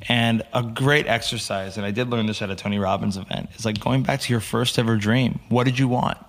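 With a mid-range, brisk delivery, this young American podcast guest recounts stories casually, performing the quotes of the people in them. It's an easygoing storytelling interview, and he tells it with lots of energy.

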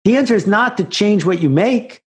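A man's voice: high voice, lively intonation, brisk. Man telling stories in an interview. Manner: anecdotal, builds stories to a punchline. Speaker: author and guest. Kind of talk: conversational storytelling.

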